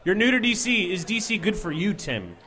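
A man hosting a comedy show, bantering loudly with a comic after his set. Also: high-pitched, sing-song, a little fast. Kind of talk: emcee banter. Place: comedy club.

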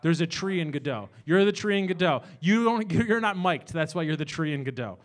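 A man's voice: fairly high pitch, animated, fairly quick. A middle-aged man hosting a live comedy talk show in a small bar, rambling and self-deprecating, working up into exasperated rants. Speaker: host.

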